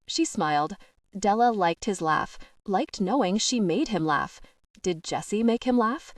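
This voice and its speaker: Woman reading an audiobook, even and steady, dry sound a bit far off. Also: medium pitch, unhurried, no room sound. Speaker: audiobook narrator. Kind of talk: scripted narration.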